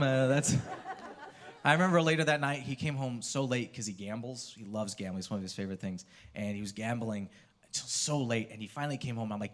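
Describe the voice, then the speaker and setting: A young man from California doing a stand-up comedy set on a university theater stage, telling loose, profane stories and breaking into shouted impressions. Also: medium pitch, moderate pace, pauses often.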